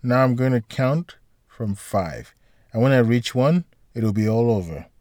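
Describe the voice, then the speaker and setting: A man's voice: medium pitch, animated, unhurried, a little mellow, no room sound, studio quality, lightly acted. A man voicing a confident, experienced male doctor who talks in a matter-of-fact, soothing way.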